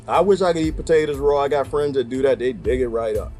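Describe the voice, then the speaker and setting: A man's voice: medium pitch, quick pace, a little mellow, soft background music. A man talking casually to his viewers in a rambling, joking monologue, laughing often and breaking into asides. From United States. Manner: addresses viewers as "people" and "y'all". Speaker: vlogger.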